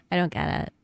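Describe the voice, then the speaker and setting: A woman streaming as a police officer in a roleplay game, bubbly and full of slang, laughing often. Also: no room sound. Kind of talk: in-character roleplay chat.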